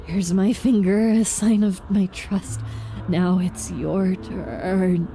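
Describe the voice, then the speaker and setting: A frightened, paranoid man shut in his house pleads to be left alone, repeating himself in a frantic rush, as a woman reads him aloud. His voice is soft and mellow rather than sharp. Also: medium pitch, steady tone, slow, gravelly, soft background music.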